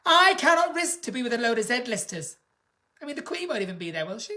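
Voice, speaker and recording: A woman's voice: a little high, animated, fast talker, bright, forceful tone. Gossipy, theatrical woman host. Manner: camp, gossipy and theatrical, jumping into impressions. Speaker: singer and live-stream host. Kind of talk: casual live-stream chat.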